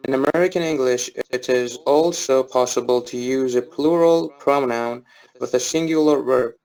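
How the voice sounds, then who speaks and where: A male student reading a grammar textbook aloud in class, steady with small restarts on words. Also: medium pitch, moderate pace, poor audio.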